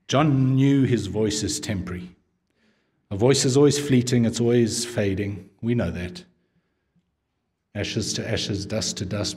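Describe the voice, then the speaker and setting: A man preaching an expository sermon as pastor. He talks in a conversational way, asks his listeners casual questions, and drops to a low, quiet voice to stress a point. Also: moderate pace.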